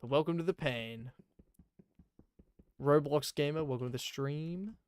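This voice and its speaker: A man's voice: fairly high pitch, a little slow, clear, resonant tone, no echo. A man chatting casually and rambling while playing a game on a live stream, with many fillers.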